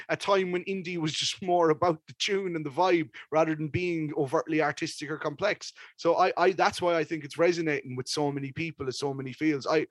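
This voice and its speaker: A young man hosts a podcast and gives his take on a record in a loose, rambling way, swearing as he goes. His voice sits fairly high for a man. The sound is dry and close, with no room around it. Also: no echo. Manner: rambling and animated, with casual swearing. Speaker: podcast host. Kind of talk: casual music review chat.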